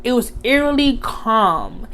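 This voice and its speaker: A young woman tells a casual storytime for her vlog. Her voice sits a little high. She talks in an animated way, packs in fillers and acts out the other people's lines as she goes. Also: slow. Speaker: vlogger.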